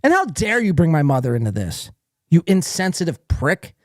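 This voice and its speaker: A man's voice: fairly high pitch, very animated, moderate pace, no room sound, clean studio sound. A man hosting a live podcast, reading chat comments aloud and ranting at a viewer in a profane, confrontational, taunting way. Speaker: podcast host.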